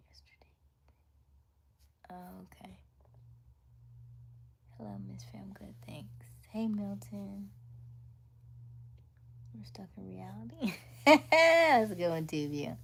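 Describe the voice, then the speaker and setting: A woman's voice: medium pitch, animated, slow pace, creaky, long pauses, husky. A woman hosting a livestream, chatting casually with viewers and reading their comments aloud, often laughing and dropping to near-whispers. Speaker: livestream host.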